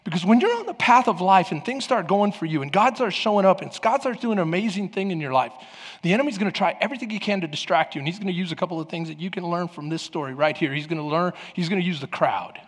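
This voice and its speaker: Husky high-voiced male preacher in a reverberant hall. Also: fast. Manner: animated preaching, acting out voices of crowds. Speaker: pastor. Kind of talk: sermon.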